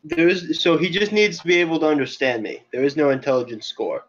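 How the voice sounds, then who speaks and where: A man's voice: fairly high pitch, expressive, fast talker, muffled recording. A man playing a tabletop game online, chatting casually, thinking aloud over the rules and laughing often. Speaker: player. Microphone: voice chat over internet.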